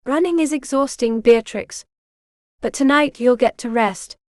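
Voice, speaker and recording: A woman voicing a calm, seasoned male mercenary knight, speaking steadily and gently in a smooth voice. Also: high voice, unhurried, no echo, studio quality. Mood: steady.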